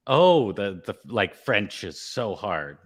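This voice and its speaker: A man hosting a casual chat over a video call, upbeat and quick to laugh. His pitch swings lively up and down. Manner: upbeat, laughs readily, short agreeing replies.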